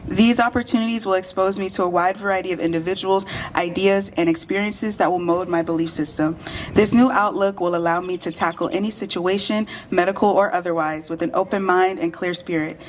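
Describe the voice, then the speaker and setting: A teenage girl with a lowish voice delivers her graduation speech with earnest conviction, speaking into a podium microphone. Her voice is a touch shaky from the cold. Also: fairly even intonation, fairly quick, a little hiss or hum, low-quality recording. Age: late teens. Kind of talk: prepared speech read aloud. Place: school awards dinner.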